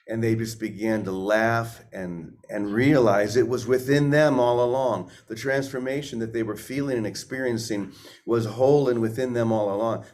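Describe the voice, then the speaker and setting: A man's voice: mid-range voice, darkish tone. Guy doing a chill spiritual talk, chatty, keeps asking the audience stuff, repeats words as he goes. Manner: conversational, asks the audience questions; restarts and repeats words while thinking aloud. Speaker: spiritual teacher and host.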